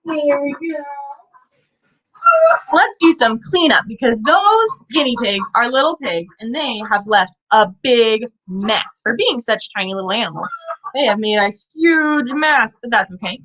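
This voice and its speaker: A woman's voice: on the high side, expressive, unhurried, a bit bright, low-quality recording. A young woman hosting a children's animal show, talking playfully in a sing-song way with sound effects and questions to the kids. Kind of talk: educational talk for young children.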